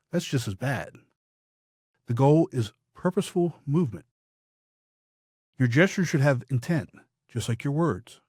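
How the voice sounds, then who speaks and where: Man, public speaking coach, husky tone, measured emphatic instruction. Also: medium pitch, a little mellow, no room sound, studio quality. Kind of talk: scripted podcast instruction.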